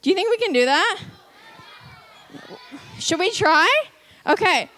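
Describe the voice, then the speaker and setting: Upbeat kids' church leader, woman, high voice, coaxing. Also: animated, unhurried, sharp tone. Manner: upbeat, coaxing, calls out countdowns. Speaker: children's ministry leader. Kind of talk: leading a kids' church lesson. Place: children's church room.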